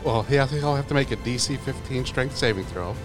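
A man's voice: mid-range voice, brisk, over loud music. A man talking through his moves in a tabletop game in a matter-of-fact way. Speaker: player. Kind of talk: casual tabletop game talk.

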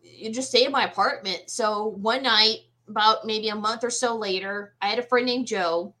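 A woman, a medium, telling her own ghost experience in a casual interview, animated and full of fillers and restarts. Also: medium pitch, moderate pace. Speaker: guest medium.

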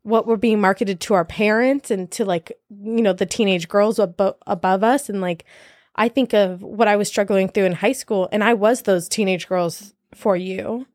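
A woman's voice: medium pitch, steady tone, moderate pace, darkish tone, no room sound, studio quality. A young woman in her twenties talking candidly in a casual podcast chat, laughing often and using many fillers.

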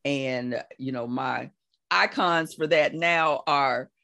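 A woman in her sixties, a life coach being interviewed, telling her story in a lively way and acting out what people said. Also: takes it slowly, creaky. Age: 60s. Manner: animated storyteller, acts out quotes with big laughing pitch jumps. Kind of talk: conversational interview.

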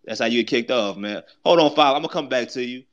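A man's voice: medium pitch, expressive, quick pace, muffled recording. A man hosting a live online audio room, teasing listeners and calling on them by name. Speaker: host of a fan call-in audio space.

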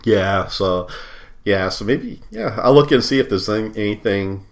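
A man's voice: fairly low pitch, animated, moderate pace. A man in casual chat, easygoing and mostly giving short replies. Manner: easygoing, brief replies, laughs along.

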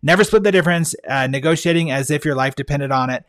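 A man's voice: a little high, fast talker. A man hosting a podcast on his own, talking casually and with enthusiasm, full of fillers and restarts as he tells stories. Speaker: podcast host. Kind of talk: casual solo podcast talk.

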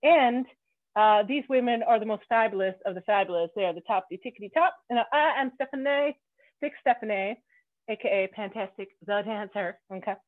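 A playful woman hosting a casual podcast interview, bubbly and quick to laugh. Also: medium pitch, no echo. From Canada. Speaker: podcast host. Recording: tinny phone-like line.

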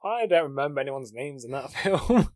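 A man's voice: medium pitch, big pitch swings, moderate pace, darkish tone, no room sound, studio quality. A man co-hosting a casual podcast review, laid-back and agreeable, chiming in with short replies and laughs. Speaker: podcast co-host. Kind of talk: casual spoiler review chat.

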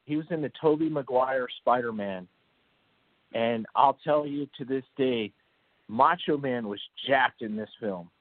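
Teasing co-host over a thin line. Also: male voice, mid-range voice, measured pace, no room sound, phone-quality sound. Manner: teasing, asks playful questions. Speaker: podcast co-host. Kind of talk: casual podcast chat.

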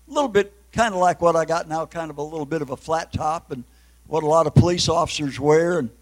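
A man's voice: high-pitched, rough recording. An older man, an evangelist preacher, giving an emotional testimony sermon and breaking into tears.

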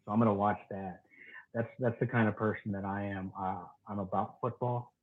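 A man's voice: on the low side, steady tone, moderate pace. Man on a tinny call line. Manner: eager, enthusiastic football talk with restarts. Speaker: podcast guest and contributor. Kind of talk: casual chat.

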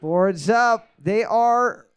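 A man's voice: high-pitched, very slow, clean tone. A man hosting a casual trivia night, joking crudely and reading each question twice. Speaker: trivia quizmaster.

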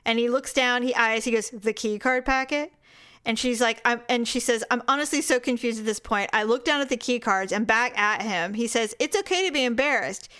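Woman co-host with a fairly high voice, chatty and animated, reads listener stories and acts out the quotes with playful voices and frequent laughter. Casual podcast talk. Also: moderate pace, smooth.

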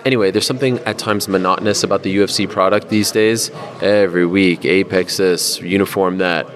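A man guesting on a podcast, an enthusiastic sports journalist who jokes and swears. His voice sits fairly low, and a crowd chatters behind him. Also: steady tone, fairly quick. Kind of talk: casual interview chat.

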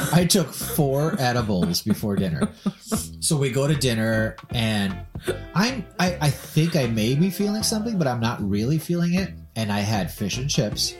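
A man from Minnesota co-hosting a podcast, telling a story in a casual, animated way and acting out the quoted voices. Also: fairly low pitch. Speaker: podcast co-host.

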